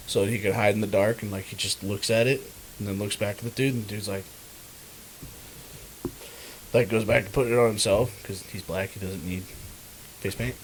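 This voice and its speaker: A man's voice: on the low side, slight background noise. A man co-hosting a podcast in a casual chat, rambling and loose, with a lot of swearing. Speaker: podcast co-host.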